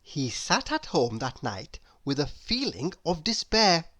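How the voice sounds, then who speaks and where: A woman reading a children's story aloud, expressive and asking the listener questions. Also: sits low, measured pace.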